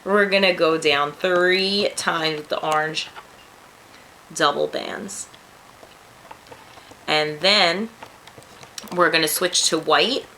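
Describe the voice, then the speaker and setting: Chatty New York woman, lowish voice. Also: bright, forceful tone, a little hiss or hum, poor audio. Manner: chatty, self-deprecating asides. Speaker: craft tutorial host. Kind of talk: casual step-by-step tutorial.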